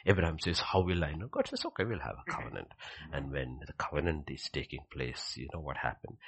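Gravelly deep-voiced male preacher. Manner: swings from loud emphatic bursts to hushed, whispered scripture reading; repeats key phrases, says "okay" often. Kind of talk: sermon.

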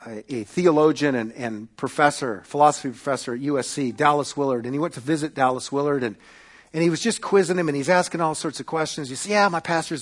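A man preaching a sermon as pastor, swinging from loud emphatic peaks to quiet asides, with frequent restarts. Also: medium pitch. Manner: retells stories with quoted voices, self-correcting restarts.

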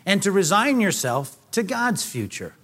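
A man preaching a sermon, conversational and animated, acting out voices from the scripture. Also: sits high, moderate pace, breathy edge. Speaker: pastor.

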